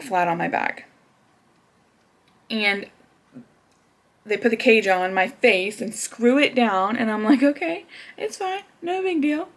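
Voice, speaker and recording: A woman's voice: fairly high pitch, fairly bright tone. Chatty young woman telling a story. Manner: chatty, laughs often, many fillers. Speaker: vlogger. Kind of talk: casual storytelling.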